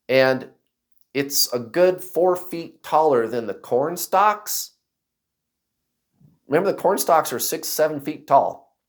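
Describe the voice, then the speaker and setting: A man casually telling a personal story to camera, acting out other people's voices and shouts. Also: fairly high pitch. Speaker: vlogger.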